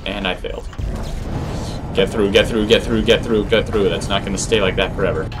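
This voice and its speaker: A man commentating while playing a horror game, sarcastic and taunting enemies, breaking into sudden shouts. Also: on the low side, steady tone, fairly quick, background noise. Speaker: gameplay commentator. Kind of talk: let's play commentary. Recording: game sounds clearly behind the voice. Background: game audio.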